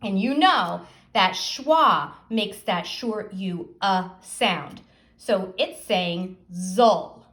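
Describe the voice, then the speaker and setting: Slow, lively-voiced woman teaching phonics. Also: medium pitch. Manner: slow, clearly sounded-out words, questions to young pupils. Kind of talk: phonics lesson.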